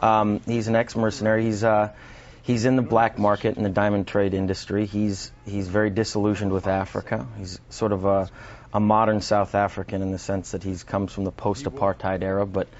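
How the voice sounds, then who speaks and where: A male actor talks through his answers on a morning TV show in a low voice. He is thoughtful and often stumbles over the first words of a sentence. The broadcast sound is muffled. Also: flat delivery, a little fast, a little mellow. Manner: thoughtful, repeats words when starting sentences. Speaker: actor guest. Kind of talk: broadcast interview.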